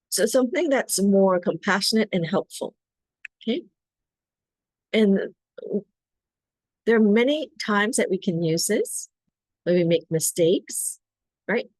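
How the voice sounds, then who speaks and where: A middle-aged woman, a wellness facilitator, gently guiding a self-care practice and often checking in with "right?". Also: mid-range voice, expressive, takes it slowly, pauses often, dry recording.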